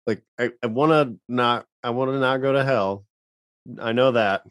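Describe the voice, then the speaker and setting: A man co-hosts a casual podcast and talks in a rambling, halting way, restarting often. His voice has a middling pitch and is recorded dry with no room echo. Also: a bit bright. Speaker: podcast co-host.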